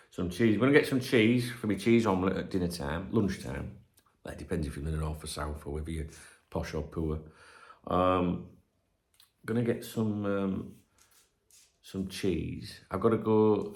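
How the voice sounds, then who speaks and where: Northern English man, 40s, lowish gravelly voice, loose jokey sweary host rambling on a home stream. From north of England. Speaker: channel host. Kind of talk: casual livestream chat.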